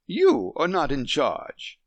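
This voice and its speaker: A man voicing a poised French wife near fifty, patient and gently reasoning with her husband. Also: on the high side, wildly swooping pitch, slow, no room sound, voice pushed up, heavily acted. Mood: firm.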